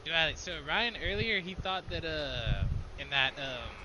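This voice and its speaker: A man's voice: fairly high pitch, animated, measured pace, bright, forceful tone, a little hiss or hum, low-quality recording. A man chatting casually with friends while gaming, rambling and laughing often, swearing casually. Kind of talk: casual chat.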